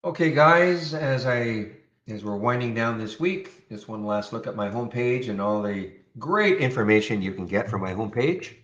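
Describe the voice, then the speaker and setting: Running a day-trading live stream, a man offers casual commentary, musing out loud and frequently starting sentences over. His voice is medium-pitched and fairly bright, with lively intonation and a normal speed, though the lo-fi sound is a little dull.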